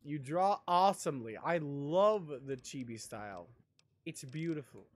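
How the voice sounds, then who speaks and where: High-voiced, unhurried male game streamer. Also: expressive, no echo. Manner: rambling, self-deprecating, chatting with viewers. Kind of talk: casual live game commentary.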